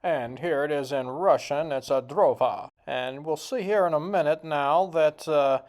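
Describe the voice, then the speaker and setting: A man's voice: fairly high pitch, a little slow, darkish tone. A man hosting a casual vlog, joking in a folksy way as he sounds out foreign words. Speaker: video host.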